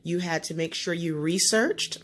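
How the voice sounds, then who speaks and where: A woman with a fairly low-pitched voice teaches a student one-on-one in a homeschool lesson. She coaches them along, often checking understanding with quick tag questions.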